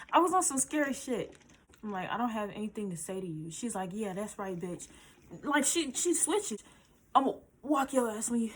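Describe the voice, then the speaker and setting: Young female vlogger, animated storyteller, acts out every quote, mid pitch. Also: slight background noise, poor audio. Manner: animated, swearing, acts out quotes in shifting voices. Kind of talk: casual storytime.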